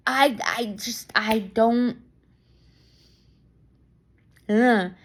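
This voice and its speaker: A young woman talking casually to camera in a vlog, rambling and excitable, laughing often and restarting her sentences. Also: a little high, takes it slowly. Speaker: vlogger. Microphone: camera mic.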